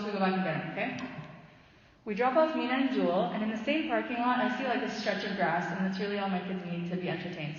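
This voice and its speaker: A woman's voice: mid-range voice, a little hiss or hum. A woman in her thirties giving a casual faith talk, chatty and loose, with lots of fillers and restarts. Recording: echoey hall, muffled sound.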